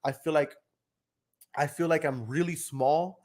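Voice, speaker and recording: A man's voice: on the high side, fairly even intonation, unhurried, darkish tone. A man with a Texan accent hosting a podcast, chatting casually and animatedly, often stammering and repeating words. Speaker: podcast host. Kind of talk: casual chat.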